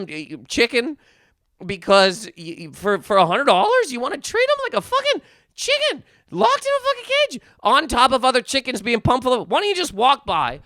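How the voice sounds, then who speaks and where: A man's voice: high voice, pushed and bright, no echo, clean studio sound. A man hosting a podcast, delivering a heated, profane comedic rant full of restarts and repeated words. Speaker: podcast host.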